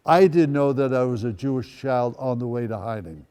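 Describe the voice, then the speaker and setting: A man's voice: medium pitch, moderate pace, warm tone, clean tone, long reverb tail. A man in his eighties, originally from the Netherlands, gives a personal storytelling talk as a guest speaker with wry, dry asides. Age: 80s. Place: school event space.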